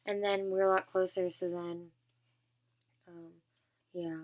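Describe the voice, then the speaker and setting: A woman's voice: on the low side, little pitch movement, measured pace. A young woman vlogger from California telling a long story in a rambling, casual way, full of "and then" and fillers.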